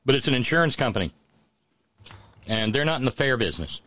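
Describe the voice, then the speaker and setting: A middle-aged man hosting a live show, talking haltingly with many restarts in a calm, consoling way. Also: mid-range voice, no echo. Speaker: host. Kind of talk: emotional live show talk.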